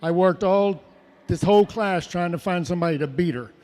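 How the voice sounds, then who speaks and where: A man giving a livestock judge's reasons in an earnest, halting way, heard over a public address system. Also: high voice, warm tone. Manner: earnest, halting, repeats himself. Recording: echoing arena PA from afar.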